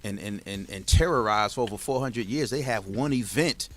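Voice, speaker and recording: A man from the United States hosting a casual radio talk show, talking in an animated, emphatic way with frequent restarts. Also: lowish voice, moderate pace.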